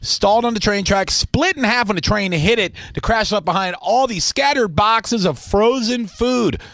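A man hosting a radio show, telling a story in casual banter with relaxed fillers. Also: high-pitched, normal speed, dry recording, studio quality.

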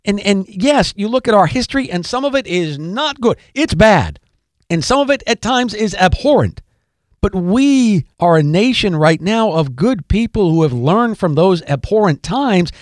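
A man's voice: sits high, lively intonation, moderate pace, no echo, clean studio sound. A man hosting a podcast, delivering an emphatic political commentary monologue, repeating key phrases and addressing listeners directly. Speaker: podcast host.

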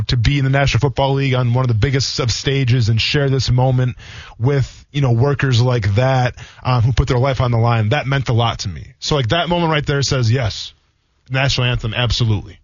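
Fast-talking man on sports radio. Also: medium pitch, dry recording. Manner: rambling, fast, many "like" fillers. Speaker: sports radio co-host, former NFL player. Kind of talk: casual radio chat, storytelling. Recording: dull lo-fi radio sound.

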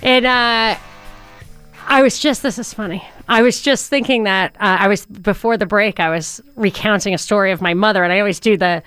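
A woman hosting a talk radio show, chatty and quick, on a studio microphone. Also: medium pitch, fairly bright tone, clean tone, no room sound, soft background music.

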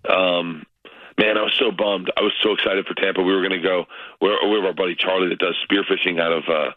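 A man in his forties, a comedian guest telling loose stories with big excited jumps in pitch on a radio interview. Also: a little fast, no room sound. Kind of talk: casual radio interview by phone. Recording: muffled lo-fi line.

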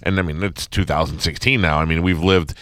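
A man's voice: rumbling low, fairly even intonation, a little fast, a bit bright, no echo, clean studio sound. A man in his forties from New York hosting a morning radio show, joking and telling laid-back stories. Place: radio studio.

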